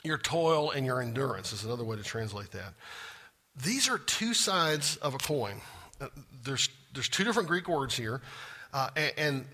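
Bright-voiced pastor preaching. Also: male voice, medium pitch, sing-song, normal speed. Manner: conversational, asks the congregation questions, jokes at himself. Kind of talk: sermon. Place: church sanctuary.

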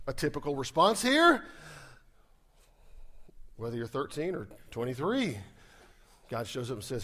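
A man preaching a conversational sermon, with sarcastic asides and swings between loud and soft passages. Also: mid-range voice, very animated, a little slow, long pauses. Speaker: pastor.

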